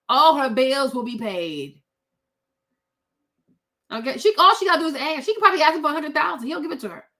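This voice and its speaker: A woman's voice: high voice, sing-song, brisk, long pauses, pushed and bright. A woman hosting opinionated commentary, blunt and sassy, talking straight to her viewers. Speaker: commentary host.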